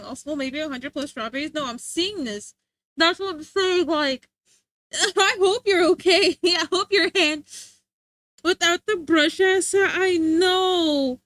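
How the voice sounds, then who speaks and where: A young woman streaming live, chatting casually with viewers, giggly, excitable and rambling. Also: high voice, no echo.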